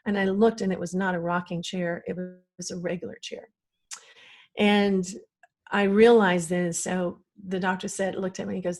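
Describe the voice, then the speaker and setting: A woman's voice: mid-range voice, fairly even intonation, normal speed, a little mellow. A middle-aged woman, a podcast guest, telling a personal story in an earnest, emotional way.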